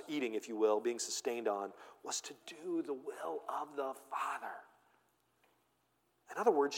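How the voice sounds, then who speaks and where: Emphatic male pastor in a reverberant hall. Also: sits high. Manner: emphatic preaching, swinging from loud to hushed. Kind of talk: sermon.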